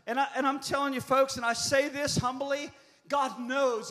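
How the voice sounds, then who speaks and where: Pastor in his fifties, a man with a very high voice, fervent and repetitive delivery. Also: fairly even intonation, measured pace, fairly bright tone. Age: 50s. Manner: impassioned, repetitive preaching cadence. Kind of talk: prophetic sermon.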